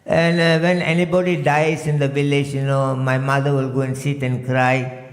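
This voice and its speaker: A man's voice: mid-range voice, flat delivery, normal speed. Malaysian-raised man preaching in an echoey temple. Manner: frequent "you know" fillers, chants verses in a singsong. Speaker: swami giving a temple lecture. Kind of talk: storytelling sermon. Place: temple hall.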